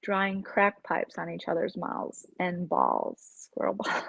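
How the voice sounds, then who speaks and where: A woman's voice: on the low side, huge pitch swings, unhurried, creaky, fairly bright tone, no echo, poor audio. A woman hosting a casual live-stream chat, gossiping candidly and sometimes dropping to a whisper.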